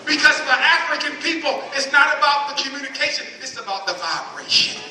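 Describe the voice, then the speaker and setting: A man giving an emphatic public lecture to a live audience, quizzing the crowd and building to shouts. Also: very high voice, a little fast. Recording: echoey hall, recorded from far off, faint noise.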